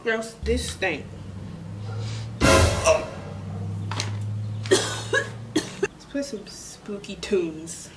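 A woman's voice: mid-range voice, lively intonation, very slow, pauses often, recorded from a distance, very noisy. A woman vlogging in a chatty, exclamatory way, talking straight to her viewers. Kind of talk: casual chat to camera. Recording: music playing under the voice. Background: spooky background music.

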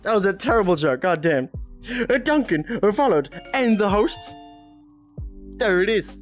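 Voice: medium pitch, sing-song, moderate pace, pauses often, soft background music. A streamer chatting casually during a VR game, giggling a lot and swearing often, speaking into a headset mic. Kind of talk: casual live-stream chat while playing a VR game.

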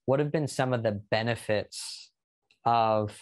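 A man's voice: medium pitch, a little slow. A man hosting a podcast, chatting in an upbeat, conversational way and asking long questions. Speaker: podcast host, interviewer. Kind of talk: casual interview talk.

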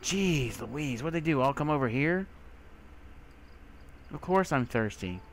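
A young man giving let's play commentary, talking to himself and breaking into panicked shouts, over faint game music. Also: on the high side, expressive, a little slow. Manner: jumpy, talks to himself, bursts into panicked shouts. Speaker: gaming video creator.

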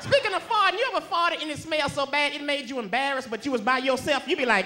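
A man doing live stand-up on a comedy club stage, with an unusually high, thin voice and loud, profane banter with the crowd. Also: fast, few pauses, a little hiss or hum.

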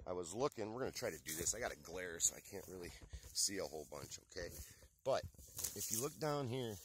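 A man with a lowish voice talks straight to the camera from an open field, still winded from hard work. He is chatty and emphatic and keeps checking in with "okay?". Outdoor noise runs clearly underneath. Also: lively intonation, brisk, fairly bright tone. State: out of breath after hard work. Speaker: lawn care and garden business owner. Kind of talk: casual outdoor vlog, showing and explaining.

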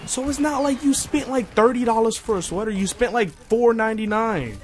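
A young man venting to his viewers in a profane, exasperated rant, going quiet when he calms down. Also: brisk, breathy edge, faint music behind. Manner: profane, exasperated, jumping pitch when heated. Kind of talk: casual rant to camera.

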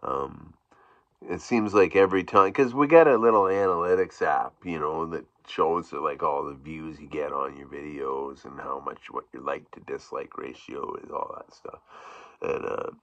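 A man with a very low voice talks through a casual vlog, wandering from thought to thought with restarts and little chuckles. His tone is bright and pushed forward. The recording is dry and somewhat muffled. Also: dry recording. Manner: rambling, halting, with frequent restarts and chuckles. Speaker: YouTube vlogger. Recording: dull, dry, lo-fi sound.

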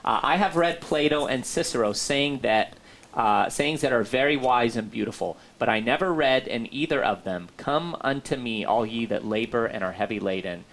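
A man's voice: mid-range voice, expressive, moderate pace, fairly bright tone. A man co-hosting a casual talk show, chatty and upbeat with plenty of fillers. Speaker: co-host.

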